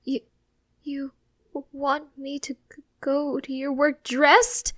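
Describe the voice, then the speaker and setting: A jittery teenage boy who whines and stumbles over his words when cornered, played by a woman reading the story. His voice rises high as nerves take hold in this audiobook scene. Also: big pitch swings, slow pace, a little mellow. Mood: anxious. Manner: whiny, stammering when nervous. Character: anxious teenage boy, whiny and flustered.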